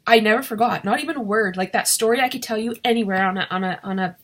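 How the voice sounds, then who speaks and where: A woman's voice: mid-range voice, fast talker, a bit bright. A woman talking casually to camera in a vlog, emotional and shaky, rambling with many fillers and restarts. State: shaky and teary. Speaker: direct sales consultant vlogger.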